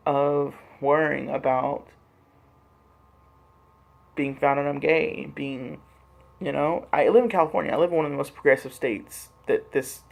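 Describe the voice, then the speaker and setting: A man speaking in a halting, earnest personal vlog monologue, repeating words and swearing as he makes his point. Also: on the high side, gravelly. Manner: earnest, impassioned. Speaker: vlogger.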